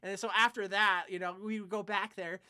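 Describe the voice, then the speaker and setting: A young man co-hosts a podcast, telling a wandering, profanity-laced story in an animated, casual way. His voice is high, smooth, and fairly quick, recorded with clean studio sound and no room sound.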